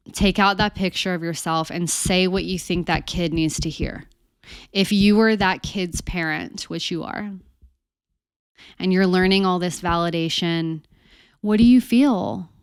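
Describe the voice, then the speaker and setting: A woman coach teaching in a casual, animated, conversational way, speaking straight to her listeners. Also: lowish voice, measured pace, clear, resonant tone, dry recording, studio quality. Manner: animated, conversational, addresses listeners as you guys. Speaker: codependency coach.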